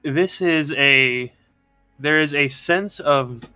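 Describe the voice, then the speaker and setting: A man narrates a tabletop game as its game master, his bright voice halting and full of fillers. Faint music plays behind him. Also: on the high side, clear, resonant tone. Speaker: dungeon master.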